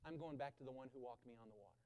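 A man preaching a sermon from a church stage, swinging between loud urgent bursts and low quiet emphasis and repeating phrases to drive them home. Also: very fast. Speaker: pastor. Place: stage in a large indoor church building. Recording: long hall reverb.

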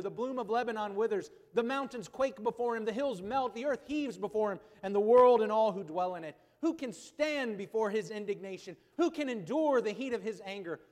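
A man preaching a sermon as pastor, who swings between loud, emphatic proclamation and quiet, conversational asides. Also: high-pitched. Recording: long reverb of a church hall.

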